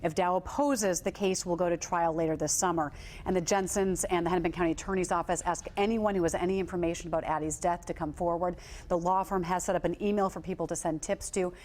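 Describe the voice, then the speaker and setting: A woman reporter delivering a news update in a clear, matter-of-fact way. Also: on the low side, steady tone, fast, darkish tone.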